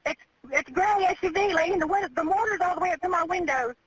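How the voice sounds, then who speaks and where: A woman's voice: very high-pitched, fast talker, crowd noise. A terrified woman, pleading and sobbing on an emergency phone call. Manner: pleading, repeats herself. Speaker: caller. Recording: telephone line with faint noise.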